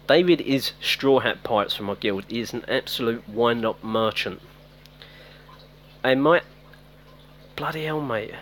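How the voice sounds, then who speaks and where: A man's voice: medium pitch, fairly bright tone. A man giving casual live-stream commentary on a mobile game, chatting with viewers by name. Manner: chatty, talks to viewers by name, self-teasing.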